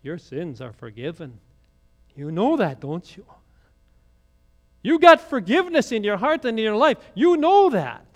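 Man reading Jesus: calm, tender teacher, fairly high voice. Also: a little slow, long pauses, full character voice.

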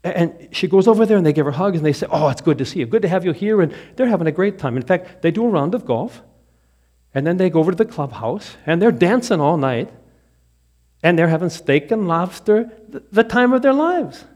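Lively storytelling male pastor. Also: sits high, a little fast. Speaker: Lutheran pastor. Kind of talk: sermon with joke storytelling.

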